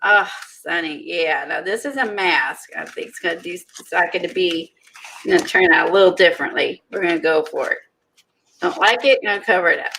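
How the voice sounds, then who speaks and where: Excitable giggly woman, bright voice. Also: lowish voice, a little fast, vocal fry, slight background noise, low-quality recording. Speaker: co-host making mixed media art. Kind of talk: casual chat while crafting.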